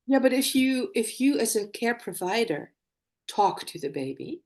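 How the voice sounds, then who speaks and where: A middle-aged woman, a former nurse and birth educator, talking in a live conversation and telling lively stories from her practice. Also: fairly high pitch, normal speed. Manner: animated storytelling, acts out quoted dialogue.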